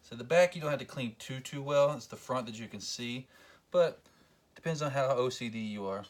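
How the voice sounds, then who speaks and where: A man's voice: medium pitch, fairly quick. A man giving a casual, joking how-to tutorial, talking to the camera while he works. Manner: joking, self-deprecating, talks while working. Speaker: collector demonstrating belt cleaning.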